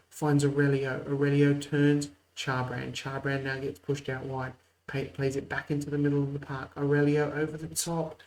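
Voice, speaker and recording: A man's voice: a little high, darkish tone, slight background noise, rough recording. Man giving casual game commentary. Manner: mock play-by-play, muttered asides. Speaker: host.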